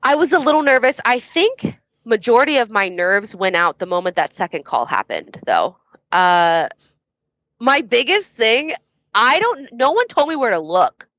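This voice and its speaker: A woman's voice: fairly high pitch, sing-song, normal speed, fairly bright tone, no echo, dull audio. A woman being interviewed as a guest judge, talking candidly, laughing often and swearing casually.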